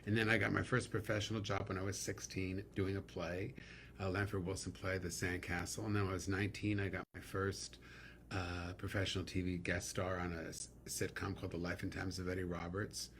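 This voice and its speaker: Middle-aged guy from new york telling showbiz stories, kinda theatrical, pretty low voice. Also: a little fast, slight background noise. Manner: animated, theatrical storyteller. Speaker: guest comedian. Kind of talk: casual interview chat.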